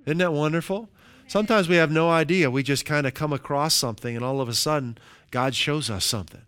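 A man preaching a sermon as pastor, leading his congregation through slow, emphatic call-and-response lines. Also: on the high side, fairly bright tone, clear, resonant tone.

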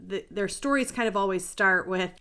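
A middle-aged woman who works as a health and life coach guests on a podcast, telling her story in a chatty, rambling, self-deprecating way in a casual interview. Her mid-range voice moves at normal speed against a noisy background.

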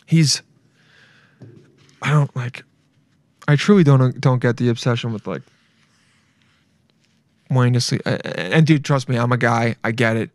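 A man's voice: medium pitch, steady tone, brisk, smooth, no echo, clean studio sound. A man hosting a solo podcast, ranting casually in crude bro-talk full of swearing. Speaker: podcast host.

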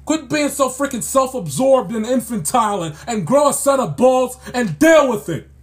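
A man's voice: extremely high pitch, expressive, moderate pace. A man ranting in sports commentary, exasperated and scolding, repeating himself as he builds his point.

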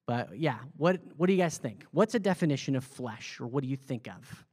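A man's voice: medium pitch, animated, fairly quick, a little mellow. A man, a pastor, teaching a Bible study in a conversational way, asking the group questions and repeating their answers back. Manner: loose, with fillers and restarts. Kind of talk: interactive sermon teaching.

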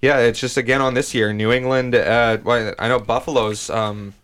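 A man's voice: medium pitch, fairly even intonation, normal speed, a bit bright, clear, resonant tone. A man hosting a sports talk show, arguing his playoff picks and laying out the standings step by step. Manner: argumentative, lays out standings step by step. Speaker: sports podcast host. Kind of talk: casual sports debate.

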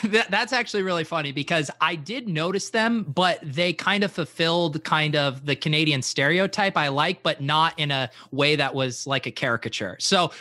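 A man's voice: fairly high pitch, bright, forceful tone, no echo. A man from Colorado co-hosting a casual podcast, easygoing and a little hesitant. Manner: easygoing, hesitant, laughs often. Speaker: podcast co-host.

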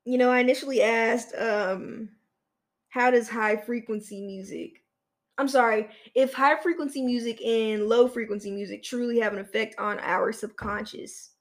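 A woman's voice: a little high, steady tone, moderate pace, roomy sound. A woman podcast host chatting casually, rambling and correcting herself, with the odd swear word. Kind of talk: casual solo chat.

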